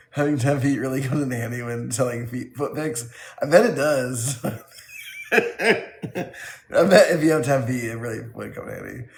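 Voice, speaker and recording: A man's voice: mid-range voice, a little slow, creaky, long pauses, roomy sound. A man on a casual live stream who laughs often while reading his chat aloud and riffing on its jokes.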